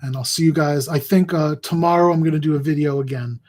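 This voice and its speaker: Husky man, halting and emotional. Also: fairly high pitch, fairly even intonation, a little mellow. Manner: rambling, halting, repeats words. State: emotional, near tears; in physical pain. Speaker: fantasy sports analyst. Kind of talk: heartfelt casual address to viewers.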